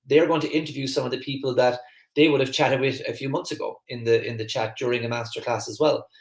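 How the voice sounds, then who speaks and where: Brief: Irish man with a Kerry accent, fast and chatty livestream host, mid-pitched voice in a roomy space. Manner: fast, energetic, chatty, many fillers and restarts. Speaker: host of a live online masterclass. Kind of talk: live-stream talk to viewers, reading the chat.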